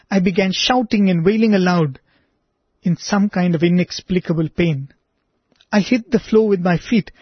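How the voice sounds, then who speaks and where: A man reading a personal testimony aloud in an earnest, measured way, then speaking reflectively to listeners as a presenter. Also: sits high, husky, no echo. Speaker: devotional radio presenter. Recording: dry, slightly dull lo-fi recording.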